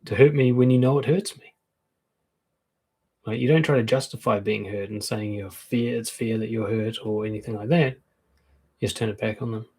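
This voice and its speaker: Husky-voiced man giving frank advice. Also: on the low side, darkish tone. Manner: frank, conversational, acts out quoted comebacks. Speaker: dating and confidence coach. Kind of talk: casual advice talk to camera.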